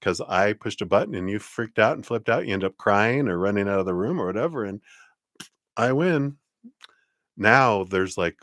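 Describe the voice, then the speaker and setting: A man's voice: on the low side, animated, moderate pace, fairly bright tone, no room sound, clean studio sound. A man giving a live-streamed tarot reading in a chatty way, laughing often and using many fillers. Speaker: tarot reader.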